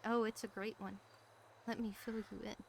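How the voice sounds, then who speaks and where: A woman's voice: medium pitch, level tone, moderate pace, vocal fry, slight background noise. A tired woman chatting in character during a roleplay stream, wry and blunt, swearing casually. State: tired late at night.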